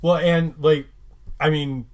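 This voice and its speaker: A man co-hosting a podcast, talking in a measured, wry way in casual recap chat. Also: fairly high pitch, steady tone. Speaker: podcast co-host.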